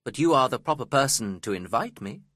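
A polite young gentleman visitor speaks with eager, slightly awkward cheer, as a man reading the story puts him on. His pitch rises and falls in lively swings over a bright tone. The sound is dry and close. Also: a little fast, no echo.

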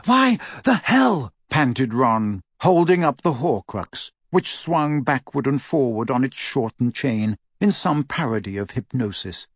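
Brief: husky male audiobook reader, expressive and dramatic, dry studio sound. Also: mid-range voice, measured pace, hardly any pauses, no room sound. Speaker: audiobook narrator. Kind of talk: scripted narration.

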